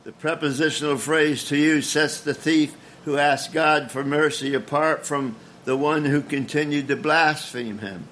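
Male preacher, sermon, emphatic and earnest, slightly high voice, faint background hiss. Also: a bit bright. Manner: earnest, emphatic, with frequent stumbles and restarts.

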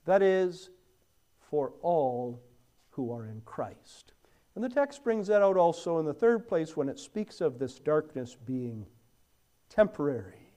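Slow, lively-pitched preacher man. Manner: emphatic swells on key words, dropping to near-whispers. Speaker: pastor. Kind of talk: sermon.

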